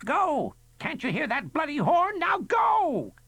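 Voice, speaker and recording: A shrill, frantic little creature. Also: male voice, big pitch swings, normal speed, no room sound, heavily acted. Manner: shrieking, high and loud.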